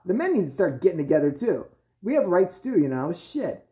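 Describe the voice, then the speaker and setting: A man's voice: high-pitched, very animated, brisk, mellow. A man delivering an angry, profane, sarcastic rant as a vlogger. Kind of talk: angry ranting commentary.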